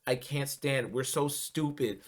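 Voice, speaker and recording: A man's voice: medium pitch, unhurried. Heated, profane male political ranter. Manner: heated, profane, many fillers and restarts. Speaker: political commentary vlogger. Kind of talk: casual political rant.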